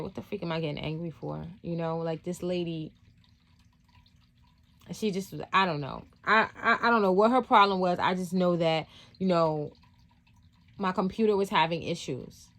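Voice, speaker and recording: Rambling woman with a lowish voice. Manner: rambling, many fillers and restarts. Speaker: spiritual channel host. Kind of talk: casual storytelling vlog.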